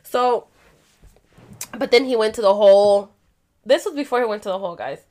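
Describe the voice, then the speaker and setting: A young adult woman vlogger casually telling a story to her viewers, animated and profane, acting out what people said. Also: mid-range voice, normal speed. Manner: animated and profane, acts out quotes.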